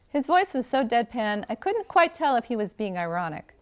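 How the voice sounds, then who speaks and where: A woman's voice: fairly high pitch, very animated, normal speed, hardly any pauses. Woman author reading her own novel.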